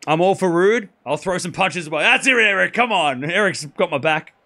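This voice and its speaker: A hoarse man hosting a live tennis stream, talking excitably and rambling while chatting with viewers. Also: high-pitched, moderate pace. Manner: excitable, rambling, self-correcting. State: hoarse from hours of shouting.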